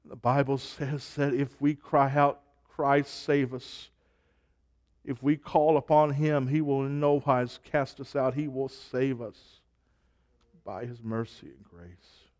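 A man preaching a sermon and leading a closing prayer, building phrases through repetition and letting his line endings fall soft and quiet. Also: medium pitch, steady tone. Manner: slow, rhythmic preaching with repeated phrases and soft trailing endings. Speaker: pastor.

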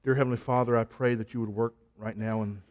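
A man preaching a sermon and leading a closing prayer, building phrases through repetition and letting his line endings fall soft and quiet. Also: medium pitch, fairly even intonation. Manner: slow, rhythmic preaching with repeated phrases and soft trailing endings. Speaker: pastor.

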